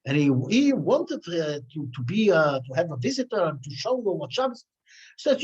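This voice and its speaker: A man's voice: on the high side, big pitch swings, normal speed, a little mellow, breathy edge. A man giving a weekly Torah class, telling stories with many restarts and fillers. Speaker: Torah teacher. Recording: dull lo-fi recording.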